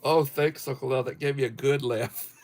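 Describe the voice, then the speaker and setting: A man's voice: medium pitch, fairly even intonation, darkish tone, a little hiss or hum. A middle-aged man hosting a casual livestream, reading topics aloud with chuckles. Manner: slow, chuckling, reads viewer topics aloud. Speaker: livestream host.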